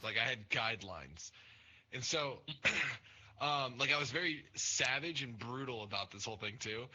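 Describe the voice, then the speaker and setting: Young male co-host, blunt and profane storyteller, bright edgy voice, lo-fi mic. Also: medium pitch, expressive, moderate pace. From Nebraska. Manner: crude, blunt, rambling with many fillers. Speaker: podcast co-host. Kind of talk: casual storytelling chat. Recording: dull lo-fi sound with faint noise.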